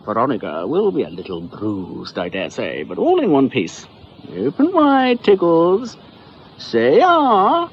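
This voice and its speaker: Breezy oddball doctor read by a man, animated, slightly dull radio sound. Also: mid-range voice, measured pace, slight background noise, voice pushed up. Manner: breezy and matter-of-fact. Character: eccentric cheerful male doctor, unflappable.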